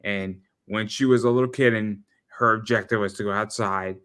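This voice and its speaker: A man chats as a podcast guest in a relaxed, halting way, often starting his sentences over. His voice is low but bright and forward. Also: clear, resonant tone. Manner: halting, easygoing, restarts sentences. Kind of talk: casual chat.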